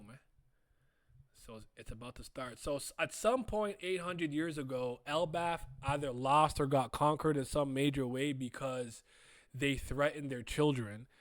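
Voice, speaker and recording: A man hosting a casual manga reading reaction, excitable, laughing often and breaking into loud trash talk. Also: medium pitch, dry recording, studio quality.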